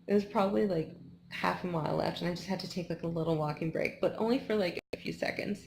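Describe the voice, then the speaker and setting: A woman's voice: on the low side, brisk, vocal fry, darkish tone, a little hiss or hum. Rambling tired young woman vlogger. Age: 20s. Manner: rambling, lots of "like" and restarts. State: tired after running. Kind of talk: casual post-race vlog.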